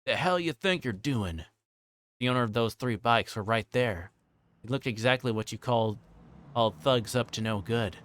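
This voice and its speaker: A man's voice: fairly low pitch, slight background noise. A male streamer reading a visual novel aloud on a livestream, narrating plainly with occasional stumbles and restarts.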